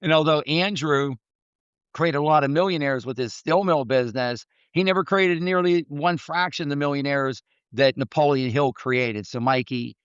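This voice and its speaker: Earnest motivational coach guy, smooth clear voice, bit muffled lo-fi sound. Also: on the high side, moderate pace, dry recording. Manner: earnest, preachy, storytelling. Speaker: mindset coach podcast host. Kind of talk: motivational talk.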